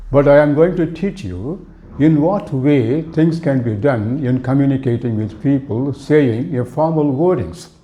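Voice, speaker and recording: A man's voice: mid-range voice, animated, a little slow, dull audio. Indian man teaching spoken English. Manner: rambling, many "you know" fillers; earnest, addresses viewers directly.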